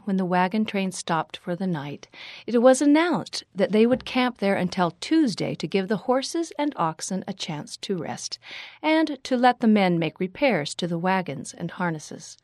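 A woman reading a children's story aloud in a clear, measured, expressive way. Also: mid-range voice, no echo, studio quality. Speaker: story reader.

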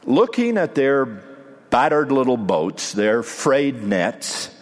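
Male preacher, sermon, slow with dramatic pauses, expressive pitch, long hall reverb.

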